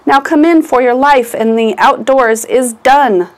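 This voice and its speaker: A woman's voice: sits high, unhurried. A woman reading aloud, voicing a lonely old man who is fond of his belongings, with a raised, exclaiming voice. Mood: glad.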